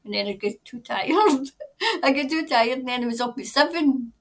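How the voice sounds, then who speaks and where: Chatty Scottish woman, slightly high voice. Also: lively intonation, normal speed. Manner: chatty and rambling, laughs often, many "like" and "you know" fillers. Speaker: tarot reader reading viewer comments. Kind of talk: casual livestream chat.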